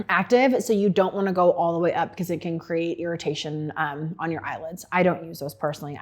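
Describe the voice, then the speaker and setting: A chatty middle-aged woman with a slightly low voice walks through her own skincare routine. She talks frankly and casually, like an esthetician sharing her habits. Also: darkish tone. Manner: chatty and frank, with lots of fillers.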